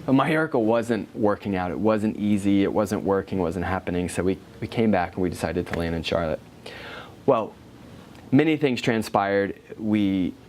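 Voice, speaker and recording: A man's voice: on the low side, darkish tone, a little hiss or hum. A man, a health practitioner, telling a story to a small group in a conversational manner and acting out dialogue. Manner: conversational, acts out dialogue, asides to listeners.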